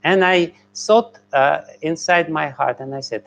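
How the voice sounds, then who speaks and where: Brief: male spiritual teacher, slightly high voice, halting delivery with chuckles. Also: gravelly, a bit bright, dull audio, a little hiss or hum. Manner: hesitant, many fillers, chuckles between phrases. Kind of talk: question-and-answer talk.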